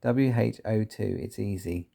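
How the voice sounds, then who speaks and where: A nervous, cheeky little schoolboy from a storybook, answering in a hurry, read by a man. The voice stays low and gravelly, with a mellow tone. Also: full character voice. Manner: nervous, hurried.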